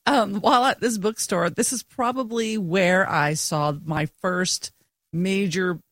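A woman's voice: medium pitch, measured pace, no echo, studio quality. A middle-aged woman co-hosting a podcast, telling stories animatedly with lots of fillers and frequent laughter. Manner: animated storytelling, laughing often, filler-heavy. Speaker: podcast co-host. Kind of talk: casual conversation.

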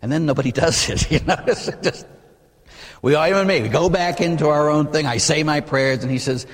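A man, a priest, preaching a sermon in an animated, conversational way full of rhetorical questions. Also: fairly high pitch, fairly quick. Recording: long reverb in a large hall.

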